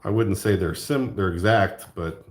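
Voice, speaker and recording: A man's voice: low-pitched, unhurried. A young man from the American South with a Southern accent, chatting casually and rambling on a livestream, reading chat and laughing often. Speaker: livestream host.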